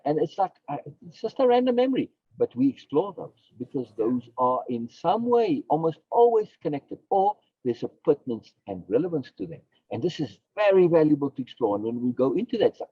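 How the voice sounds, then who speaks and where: Guy on a podcast, husky voice, repeats himself for emphasis, dry slightly dull audio. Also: a little high, very animated, brisk, dry recording. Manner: emphatic, repeats key phrases, asks and answers his own questions. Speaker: philosopher guest. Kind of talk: conversational podcast explanation.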